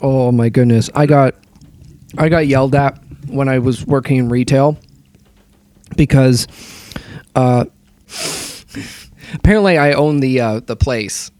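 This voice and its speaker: A young man telling animated stories in casual chat, swearing often and acting out other people in quotes. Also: mid-range voice, slow pace, pauses often, dry recording.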